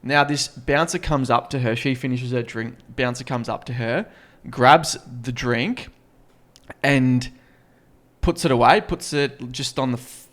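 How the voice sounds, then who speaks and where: A man's voice: mid-range voice, measured pace, a bit bright. A young man in his twenties with an Australian accent, a podcast co-host telling a story in casual chat and swearing freely.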